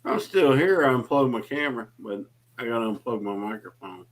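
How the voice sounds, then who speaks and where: Fairly quick and lively in intonation, a man with a mid-range voice guests on a late-night livestream. He teases the host and jokes around in a playful, casual conversation.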